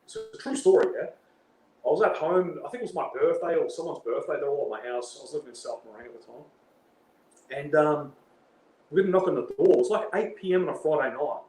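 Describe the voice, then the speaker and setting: An Australian man with a slightly higher voice spins a rambling story, tossing in slangy tags at every turn. The room sounds echoey and carries a faint hiss of background noise. His delivery stays loose and conversational. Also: animated, fast talker, darkish tone. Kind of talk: casual storytelling.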